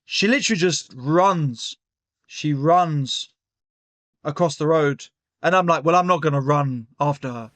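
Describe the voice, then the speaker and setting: A young man tells a story in loose, animated chat, full of fillers and restarts. His voice sits a bit high for a man. The sound is dry and close. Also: unhurried, no room sound. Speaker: comedian guest. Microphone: remote call.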